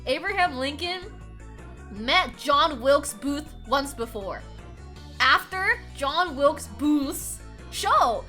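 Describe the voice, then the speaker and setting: A woman's voice: high-pitched, animated, takes it slowly, pushed and bright. A young woman streaming, chatting casually, rambling, laughing often and swearing. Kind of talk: casual chat. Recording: faint music behind.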